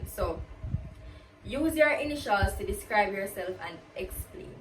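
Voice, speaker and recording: Casting: woman vlogger, chatty Q&A, mid pitch, recorded a little off-mic in a roomy space. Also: expressive, unhurried, slight background noise. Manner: chatty, peppers talk with "like", slips into patois. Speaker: YouTuber. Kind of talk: casual get-to-know-me Q&A. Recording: roomy, distant from the mic, faint ambience.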